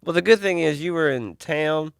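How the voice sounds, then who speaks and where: A man's voice: fairly high pitch, moderate pace, vocal fry, no echo, clean studio sound. A man, co-hosting a podcast, asking short questions and adding comments. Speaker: podcast co-host. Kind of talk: casual chat.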